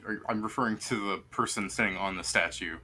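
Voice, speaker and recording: A man's voice: on the low side, fast talker, bright, forceful tone, breathy edge. A man narrating a tabletop game as game master, describing scenes in a rambling way full of fillers.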